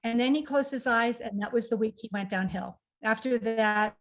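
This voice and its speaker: A woman's voice: fairly high pitch, fairly even intonation, normal speed, a bit bright. A middle-aged woman recounting a personal family story in conversation, acting out the quoted lines of the people in it. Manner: emotional, acts out quoted dialogue. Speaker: author guest.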